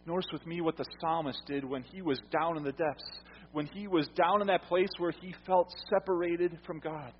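A man delivers an earnest sermon in a husky, slightly high voice, repeating phrases for emphasis and letting his lines trail off quietly. The sound is dull and muffled, with a long reverb like a large hall. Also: steady tone, moderate pace. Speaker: pastor.

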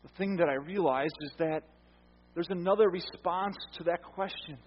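A man preaching a sermon as pastor, earnest, repeating phrases for emphasis and letting his lines fall quiet at the ends. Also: sits high, normal speed. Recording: dull, echoey hall sound.

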